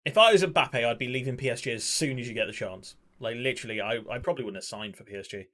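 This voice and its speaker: A man's voice: mid-range voice, fast, a bit bright. Guy in his 20s streaming a football game, rambly, gets hyped, swears at the ref. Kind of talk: casual gaming commentary.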